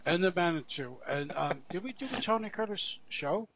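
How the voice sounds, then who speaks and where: A man co-hosting a podcast, talking about old films in a halting way, often repeating words and restarting sentences. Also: high voice, lively intonation, a bit bright. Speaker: podcast co-host. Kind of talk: casual chat. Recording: dull lo-fi podcast audio.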